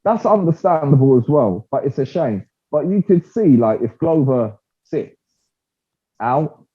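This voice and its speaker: A man, chatting about fights in a loose, slangy and animated way. His voice sounds a little husky. The audio is narrow and tinny, like a phone line. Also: fairly high pitch, measured pace. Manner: slangy, animated, peppers speech with "bruv". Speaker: podcast co-host. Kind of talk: casual fight-talk chat.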